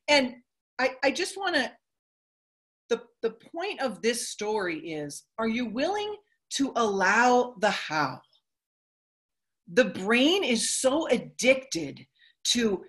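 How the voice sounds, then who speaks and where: A middle-aged woman giving a motivational talk to a group, telling stories and acting out quotes with big jumps in her voice. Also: a little slow. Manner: animated storytelling, acts out quotes with big pitch jumps. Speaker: motivational speaker.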